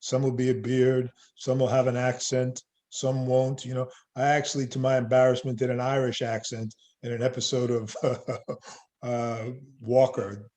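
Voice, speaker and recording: Older American man, actor guest, easygoing and self-mocking, quick laughs. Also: medium pitch. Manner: relaxed, self-deprecating, laughs often. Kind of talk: casual interview chat.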